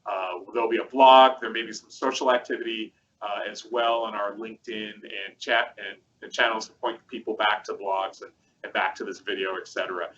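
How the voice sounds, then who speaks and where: A man's voice: lowish voice, steady tone, brisk, fairly bright tone, lo-fi sound, a little hiss or hum. A man co-hosting a casual webcast, chatty and rambling with plenty of fillers as he walks through a product demo. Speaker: co-host presenting a product demo.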